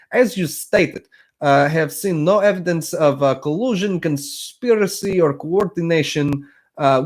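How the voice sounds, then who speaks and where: A man voicing a middle-aged male congressman who asks long, halting questions full of filler sounds. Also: a little high.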